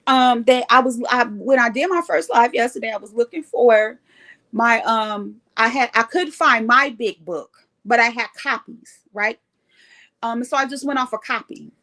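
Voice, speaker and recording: A woman hosting a casual live stream, telling a story in an animated, emphatic way. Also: a little high. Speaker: livestream host sharing recovery story.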